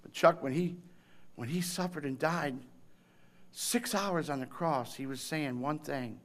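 A man preaches a sermon at a normal speed in a slightly high voice, using emphatic, repetitive phrasing. He swings between shouted intensity and hushed tenderness.

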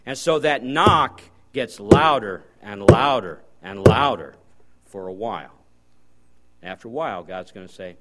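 A man preaching as a guest preacher, folksy storytelling with sudden loud bursts. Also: on the low side, lively intonation, unhurried. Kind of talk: sermon.

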